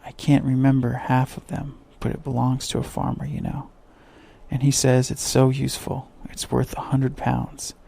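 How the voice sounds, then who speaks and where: A man voicing Alice, a polite and eager young girl, in a gentle, soothing tone. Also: medium pitch, monotone, moderate pace, gravelly, husky.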